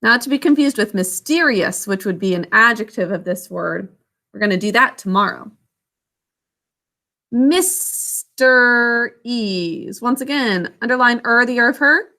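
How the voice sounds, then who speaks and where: A woman teaching a children's spelling lesson, sounding out words letter by letter and syllable by syllable in a slow, patient way. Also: fairly high pitch, animated, pushed and bright. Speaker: literacy teacher.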